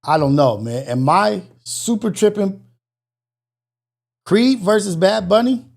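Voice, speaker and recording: A man's voice: high-pitched, lively intonation, slow, creaky. A man hosting a live call-in show, ranting in a blunt, incredulous way and swearing freely.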